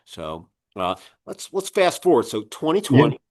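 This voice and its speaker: A man's voice: medium pitch, very animated, normal speed, darkish tone. A man in his sixties hosting a business podcast, telling rambling anecdotes full of fillers. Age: 60s. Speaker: podcast host and magazine publisher. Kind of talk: casual storytelling interview.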